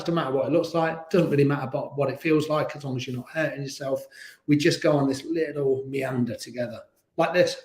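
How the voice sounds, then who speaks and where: A man's voice: on the high side, a little mellow. A man guiding a beginners yoga class, chatty and encouraging, with little laughs. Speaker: yoga instructor. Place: yoga studio. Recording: roomy studio echo.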